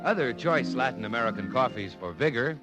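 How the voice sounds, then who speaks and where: A man reading a scripted commercial as a 1940s radio announcer, smooth and earnest. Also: mid-range voice, expressive, brisk. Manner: smooth, earnest salesman delivery. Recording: old radio broadcast under loud music.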